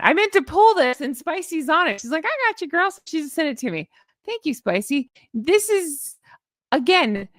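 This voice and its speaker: A woman's voice: on the high side, a bit bright, no echo, studio quality. A woman hosting a casual gossip show about royals, sarcastic and prone to fits of giggling while reading viewer comments. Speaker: royal commentary channel host.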